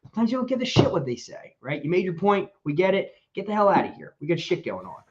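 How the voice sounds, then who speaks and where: A man's voice: high-pitched, sing-song, quick pace, lo-fi sound. Blunt, rambling male podcast co-host. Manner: blunt, profane, rambling with fillers. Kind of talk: casual live-stream chat.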